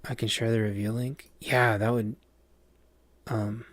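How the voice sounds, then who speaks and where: A man's voice: lowish voice, level tone, unhurried, fairly bright tone, dry recording. A man chatting casually on a live stream, distracted, rambling and swearing as he mutters to himself.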